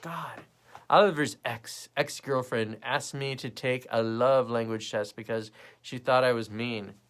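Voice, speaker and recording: A young man hosting a casual livestream, chatting to viewers bluntly and profanely while mimicking people in quick bits. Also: medium pitch, steady tone, a bit bright. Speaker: livestream host. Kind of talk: casual live chat reading viewer comments.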